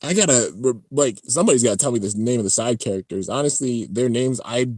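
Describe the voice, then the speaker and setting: A man hosting a casual live-stream reaction, talking excitedly and rambling as he comments on an episode. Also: medium pitch, fast talker, no echo, studio quality. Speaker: channel host reacting to an anime episode.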